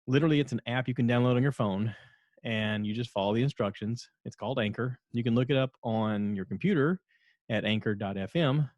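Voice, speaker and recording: A man's voice: on the low side, a little mellow, no echo, highs cut off. Rambling man podcasting on his own. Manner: casual, rambling, self-deprecating joking. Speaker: podcast host. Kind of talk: solo podcast commentary.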